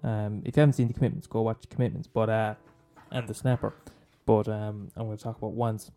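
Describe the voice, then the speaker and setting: A man's voice: fairly low pitch, flat delivery, fast talker, warm tone, soft background music. An Irish man hosting a podcast, rambling in a casual monologue, swearing, laughing and teasing his listeners. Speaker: podcast host recommending films.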